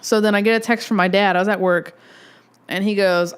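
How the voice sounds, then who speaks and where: A young woman in her twenties tells a long, excitable story on her solo podcast. Her voice is smooth and clean, and she rambles from one thing to the next with a fan's enthusiasm. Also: medium pitch, fairly quick. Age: 20s. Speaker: podcast host.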